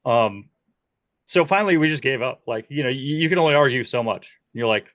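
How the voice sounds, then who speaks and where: A man hosting an interview, telling a lively story from a film set and laughing often as he talks. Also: medium pitch, fast talker, lo-fi sound. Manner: animated, laughs often while telling stories. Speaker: podcast host.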